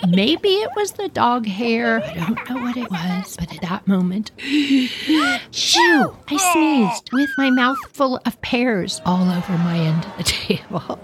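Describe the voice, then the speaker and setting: Podcast storyteller: woman with a mid-range voice, lively, quick to laugh. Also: medium pitch. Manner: animated, laughs often while telling.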